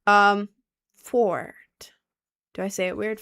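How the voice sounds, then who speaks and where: A young adult woman livestreaming, chatting casually and reacting to her chat with lots of slang and quick asides. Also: medium pitch, fairly bright tone.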